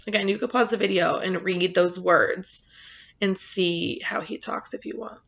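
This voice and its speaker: A woman reading a children's book aloud, with relaxed, chatty asides to her listeners. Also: medium pitch, normal speed, vocal fry, lo-fi sound. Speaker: storyteller.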